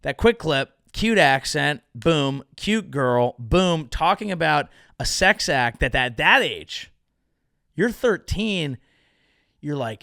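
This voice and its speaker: A man's voice: on the high side, very animated, slow pace, bright, forceful tone, dry recording, clean studio sound. A young adult man hosting his own comedy show, riffing in a profane, sarcastic monologue. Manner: profane, rambling, sarcastic, slips into silly voices. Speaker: podcast host and comedian.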